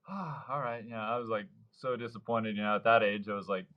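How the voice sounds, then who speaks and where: Talking fast in a fairly low, level voice, this thirty-something man from Baja California Sur, Mexico, works as a surf fishing guide. In a relaxed interview he tells long, wandering stories and imitates the people he quotes, and the recording is muffled.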